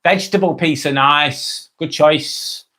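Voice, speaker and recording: A middle-aged Englishman with a Lancashire accent hosts a casual live stream, his voice on the high side, bright and forceful at a measured pace. He chats in a friendly way, repeating himself and trailing off as he reads out viewer comments.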